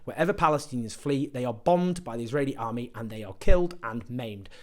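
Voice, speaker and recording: A man's voice: mid-range voice, lively intonation, brisk, darkish tone. A man from Britain delivering a sarcastic, indignant political opinion monologue to camera, full of rhetorical questions. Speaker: political commentator.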